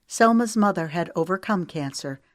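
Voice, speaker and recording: A woman's voice: lowish voice, expressive, normal speed, no room sound, studio quality. A woman narrating a romance audiobook and giving the characters' lines light shifts in voice. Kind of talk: scripted narration.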